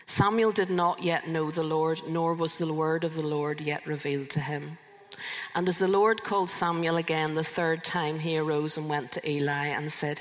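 A woman's voice: sits low, steady tone, moderate pace. A woman in her fifties preaching a sermon to a live congregation. She talks in an earnest, conversational way and often restarts her sentences. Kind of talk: sermon with personal testimony. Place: church hall, live congregation. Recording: long reverb of a large hall.

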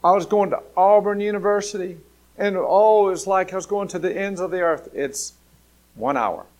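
A man's voice: high voice, moderate pace, darkish tone. A man from Alabama with a Southern American accent, preaching a sermon. He talks conversationally and repeats his key phrases for emphasis. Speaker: pastor.

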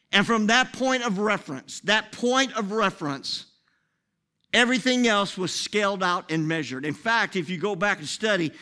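High, bright-voiced male preacher. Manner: swings between hushed whispers and shouted, sing-song preaching. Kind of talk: sermon.

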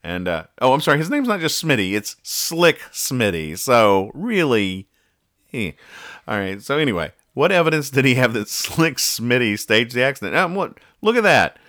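A man's voice: mid-range voice, big pitch swings, moderate pace, a bit bright. A man hosting a casual podcast, dryly and sarcastically explaining comic strip jokes. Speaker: podcast host.

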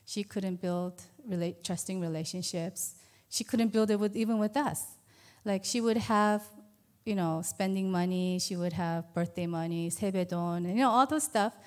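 A woman's voice: on the low side, normal speed, a little mellow. A woman in her fifties giving a personal church testimony as an adoptive mother, earnest and conversational with many fillers. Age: 50s.

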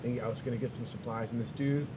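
A man from Texas, a motorcycle traveler telling stories in casual chat, animated and full of swearing. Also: medium pitch, fast talker, noisy background. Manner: profane, animated storyteller.

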